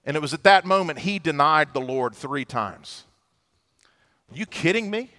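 A man preaching a sermon to a church audience, telling the story with lively, animated delivery and acting out the voices of the people in it. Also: a little high, moderate pace. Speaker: pastor.

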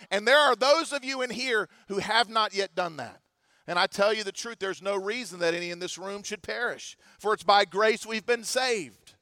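Pastor, male, forties. Bright, forceful tone, dry close sound. Earnest sermon, swings from quiet to emphatic. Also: high voice, no echo. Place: church service.

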